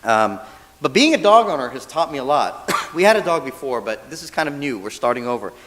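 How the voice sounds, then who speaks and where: The long reverb of a church hall surrounds a mid-range male minister talking fairly quickly in a casual, humorous dharma talk. He's lively, voices the characters he quotes, and keeps checking in by asking the audience "right?"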